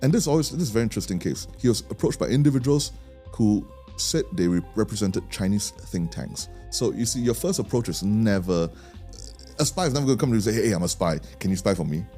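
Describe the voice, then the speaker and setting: A man with a Singaporean English accent tells a story for a podcast, chatty and easygoing, often stumbling and restarting mid-sentence. His voice sits very low and sounds warm and dark. Faint music plays behind him. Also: animated, fast. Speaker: podcast co-host. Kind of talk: casual storytelling chat.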